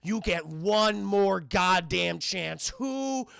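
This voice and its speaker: A man doing a menacing, gravelly vigilante. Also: sits high, lively intonation, extremely slow, fairly bright tone, no room sound, studio quality, full character voice. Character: grim, aggressive male caped vigilante interrogating.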